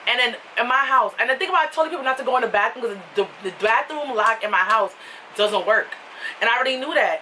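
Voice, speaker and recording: A young woman vlogger with a New York accent, talking casually and animatedly as she tells a story. Her voice is bright and a little high. She sounds somewhat far from the mic, with faint noise behind her. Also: fast. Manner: animated, laughing, swings into high excited quoted voices.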